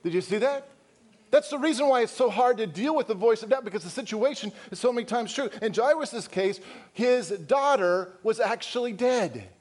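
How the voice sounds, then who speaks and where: A man's voice: very high-pitched, lively intonation, a little fast, darkish tone. A male pastor preaching a sermon, firing rhetorical questions and speaking candidly to his congregation in conversational asides. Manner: emphatic, full of rhetorical questions.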